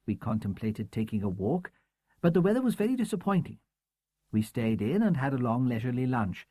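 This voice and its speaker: A man's voice: mid-range voice, big pitch swings, a little fast, dark tone, no echo, clean studio sound. A man voicing a courteous, distant older Englishwoman with a southern English accent and formal, old-fashioned manners. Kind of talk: audiobook character voice.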